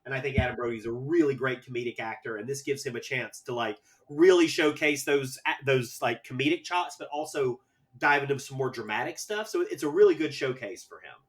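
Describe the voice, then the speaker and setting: A man's voice: mid-range voice, fairly quick. A man who is a guest on a podcast, talking about films in an eager, earnest way. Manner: eager, earnest movie fan. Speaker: podcast guest arguing as defense. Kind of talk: casual podcast chat.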